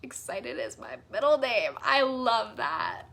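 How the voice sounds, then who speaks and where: High-pitched, bubbly woman coach; enthusiastic live-class teacher. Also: very animated, a little slow, vocal fry, fairly bright tone. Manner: bubbly and enthusiastic, reads out chat comments. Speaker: business coach.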